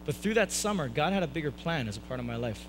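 A young man preaching a sermon, telling a personal story with animated delivery and acting out the voices of the people in it. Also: on the high side, quick pace, a little hiss or hum, poor audio. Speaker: pastor. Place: church hall, live stream.

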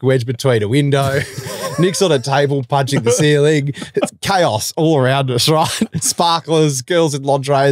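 A young man chatting on a podcast, rambling through a story with loud laughs and sudden shouts. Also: mid-range voice, no echo, clean studio sound. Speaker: guest. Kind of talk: casual chat.

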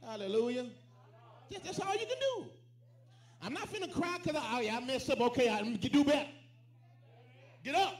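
A man with a very high voice preaches, calling out lines for the congregation to repeat and climbing into shouts. His rings through a roomy church sanctuary with plenty of echo. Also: big pitch swings, normal speed, pauses often. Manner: preaching with call and response, shouting at peaks. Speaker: pastor. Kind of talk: sermon. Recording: echoey church room.

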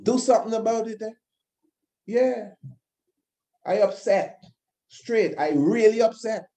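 A man's voice: high voice, a little slow, warm tone. A man delivering an impassioned monologue, emphatic and repetitive, firing rhetorical questions. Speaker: host of his own channel.

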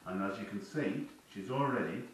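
A man explaining dog training in a plain, unhurried way as he works with his dog. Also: on the low side, a little hiss or hum. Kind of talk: casual training demonstration. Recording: roomy, distant camera mic.

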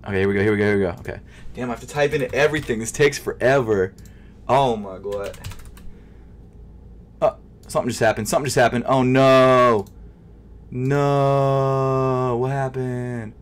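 A frustrated young sneaker vlogger gives casual live commentary while shopping online, muttering to himself at checkout and lurching between loud outbursts and quiet mumbles, nervous and stuttering. His medium-pitched voice moves quickly with frequent pauses, over a little hiss or hum.

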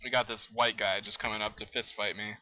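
A young man commenting on a game he is playing, excitable, exclaiming and laughing at what happens on screen. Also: fairly low pitch, brisk, poor audio. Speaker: gamer. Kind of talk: let's play commentary.

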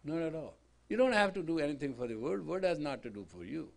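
A man's voice: on the high side, sing-song, quick pace, vocal fry. Emphatic man lecturing a class. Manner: emphatic, swings from quiet to loud; tells stories with quoted dialogue. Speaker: yoga teacher. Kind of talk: spiritual lecture. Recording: 1980s class recording.

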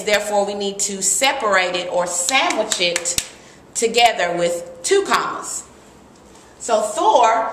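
Woman teacher, lively grammar lesson, crisp bright tone, roomy echo. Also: mid-range voice. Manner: lively, emphatic, reads examples aloud. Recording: echoey room.

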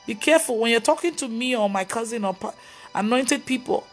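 A woman's voice: fairly high pitch, fairly quick, soft background music. A woman pastor preaching on a live video, telling stories and scolding with emphatic exclamations. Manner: animated storytelling, mimicking others' voices.

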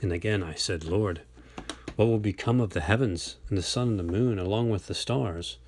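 A man reading an old religious text aloud in a slow, measured, solemn way, now and then stumbling over a word. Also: lowish voice, a little mellow, a little hiss or hum. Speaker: reader.

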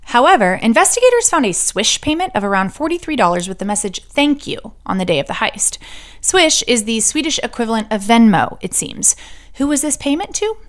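A woman's voice: a little high, very animated, fairly quick. A woman hosting a true crime podcast, telling the story with sarcastic asides and the odd whispered joke. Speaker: podcast host.

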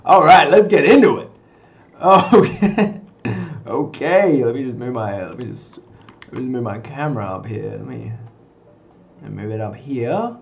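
A man's voice: medium pitch, expressive, moderate pace, creaky, long pauses, slight background noise. A man streaming to his viewers in goofy, hyped chatter through a cheap webcam mic, swearing, laughing and whooping.

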